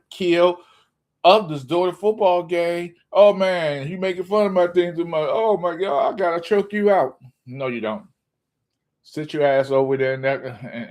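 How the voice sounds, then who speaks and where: A man's voice: medium pitch, a little mellow. A man hosting his own sports channel, ranting casually and mocking fans, often laughing.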